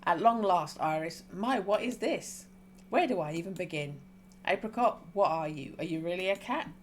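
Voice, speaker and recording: A woman with a fairly low voice reads a game's dialogue aloud as a streamer. She moves between calm, even reading and high, excited outbursts. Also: moderate pace, slight background noise.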